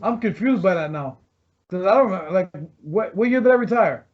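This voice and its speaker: High-pitched guy telling wrestling road stories, cussing and laughing, kinda muffled lo-fi sound. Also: fairly quick. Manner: animated storyteller, swears freely, laughs often. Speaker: podcast guest, former pro wrestler. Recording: muffled lo-fi recording.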